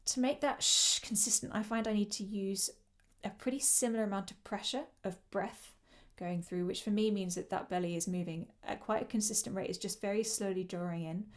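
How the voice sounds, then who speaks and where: A woman's voice: medium pitch, brisk. Woman coaching choral breathing. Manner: encouraging, demonstrates breathing with shushing sounds. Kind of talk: online vocal workshop instruction.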